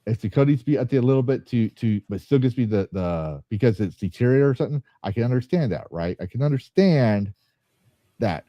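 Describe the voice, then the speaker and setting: A man's voice: mid-range voice, animated, a little fast, dry recording. Rambling jokey man, dull dry recording. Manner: rambling, jokey, stops and restarts often. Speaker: podcast host. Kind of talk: casual chat. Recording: slightly dull, dry sound.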